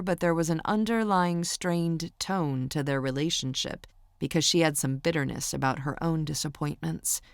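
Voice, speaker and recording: A woman narrating a romance audiobook in the first person, in a steady, intimate storytelling manner. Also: deep voice, gravelly, smooth, no echo, studio quality.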